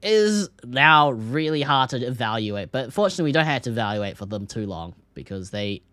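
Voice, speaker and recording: An Australian man co-hosting a casual esports podcast, excitable and laughing often, his pitch leaping up when something grabs him. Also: brisk, no room sound. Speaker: podcast co-host.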